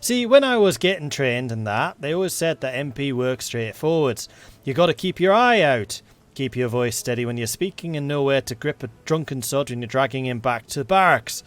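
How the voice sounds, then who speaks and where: Man putting on a gruff northern military policeman. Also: medium pitch, lively intonation, normal speed, lightly acted. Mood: grumbling. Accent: Northern English put-on. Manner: blunt, grumbling, folksy. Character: gruff male Yorkshire military policeman, middle-aged.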